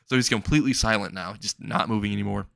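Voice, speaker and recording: A man's voice: lowish voice, quick pace, creaky, fairly bright tone, no room sound, studio quality. A man casually telling a comic fan story, laughing and swearing as he rambles along.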